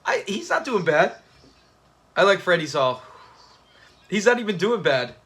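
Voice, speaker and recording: A high-pitched man hosts a relaxed livestream watch party. He talks loosely with his viewers and laughs often. His voice is bright and forward. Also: unhurried. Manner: chatty, laughs often, talks to the live chat. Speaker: channel host.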